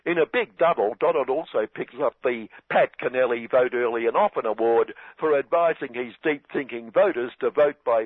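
A man's voice: medium pitch, no echo. Man, dry satirical radio commentator, ironic delivery, narrow phone-like sound. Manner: sardonic, mock-earnest irony.

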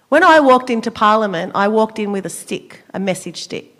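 An Australian woman, a senator, giving an impassioned political speech at a forum, measured and emphatic with a cutting, sarcastic edge. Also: medium pitch, expressive, a bit bright. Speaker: senator speaking at a public forum.

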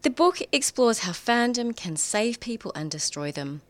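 A woman's voice: a little high, sing-song, normal speed, dry recording. A woman hosting a book show, chatting with guests in an enthusiastic way. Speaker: radio book show host. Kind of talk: casual chat.

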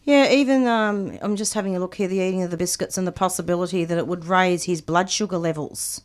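A woman hosting a radio interview, speaking emphatically with quick interjections. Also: lowish voice. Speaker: radio host.

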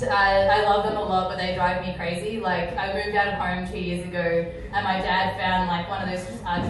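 A woman's voice: fairly low pitch, noisy background. A young woman from India, performing a playful, self-mocking stand-up set. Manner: playful, quick asides, jokey self-mockery. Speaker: stand-up comedian. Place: comedy venue on stage. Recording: roomy echoing venue, mic far off. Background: audience laughter.

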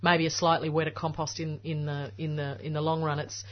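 A woman's voice: low voice, level tone, brisk. A woman on a radio gardening panel, chatting casually with frequent ums and easy laughter. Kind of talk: casual radio talkback chat. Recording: slightly dull broadcast sound.

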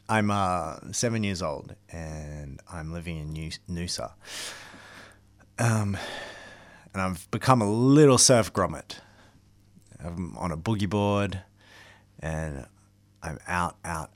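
A man's voice: sits low, no echo. Theatrical man in his thirties. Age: 30s. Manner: theatrical, swings from loud to hushed. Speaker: comedic performer. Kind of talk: physical theatre storytelling.

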